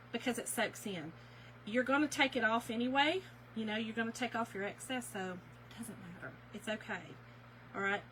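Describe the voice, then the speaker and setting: A middle-aged woman leads a live craft tutorial in a bright, forceful voice, chatty and folksy with her viewers. Her pitch sits a little high, and a faint hum runs underneath. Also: poor audio. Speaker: craft instructor.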